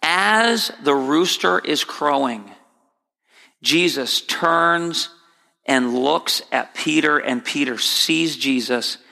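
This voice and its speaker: A bright, forceful male preacher with a gravelly edge delivers an emphatic sermon, repeating key phrases and climbing high when he stresses a point. His voice rings out with a long reverb, as in a large church sanctuary. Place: church sanctuary, broadcast on air.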